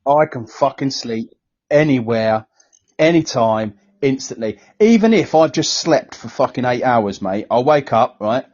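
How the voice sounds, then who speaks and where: A man's voice: medium pitch, animated, a little slow, darkish tone. A man in casual chat as a podcast co-host, laid-back and blokey. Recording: dull lo-fi recording.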